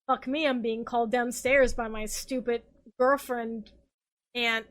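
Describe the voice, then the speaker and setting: A woman's voice: a little high, fairly even intonation, measured pace, voice pushed down, natural voice. A woman putting on a flippant, murderous young male villain in a casual comic retelling. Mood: annoyed. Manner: flippant, mocking, swearing.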